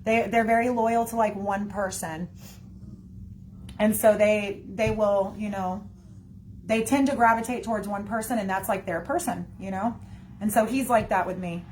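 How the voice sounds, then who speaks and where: A woman's voice: mid-range voice, steady tone, normal speed, a little mellow, slight background noise. A woman chatting casually to her viewers in a rambling way, full of fillers and "y'all". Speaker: livestreamer talking to viewers. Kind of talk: casual chat.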